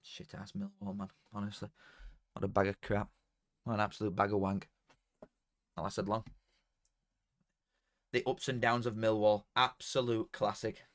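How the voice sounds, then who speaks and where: Excitable Yorkshire lad streaming football. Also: male voice, fairly low pitch, normal speed, pauses often. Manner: excitable, swears freely, bursts into shouting at goals. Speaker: streamer hosting a football watchalong. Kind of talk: casual live stream commentary.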